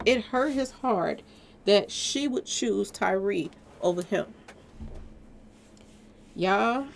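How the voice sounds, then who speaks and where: A woman's voice: medium pitch, vocal fry, slight background noise. A woman giving a casual, emphatic commentary monologue to her viewers, chatty and repeatedly addressing them directly. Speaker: commentary vlogger.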